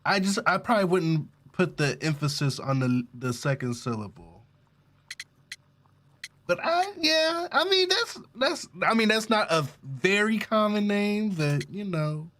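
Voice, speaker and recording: A man chats loosely while playing a game, joking and cursing freely as he reacts. His voice sits a little higher than most men's. The talk is casual and rambling let's-play commentary. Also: very animated, takes it slowly, fairly bright tone. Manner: chatty, profane and joking. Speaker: gaming streamer.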